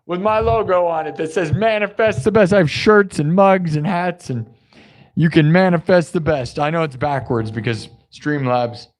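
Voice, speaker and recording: A man's voice: fairly high pitch, moderate pace. A young man hosting a live music stream, chatting in a rambling, laid-back way with lots of "dude" and "like". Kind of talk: casual rambling chat.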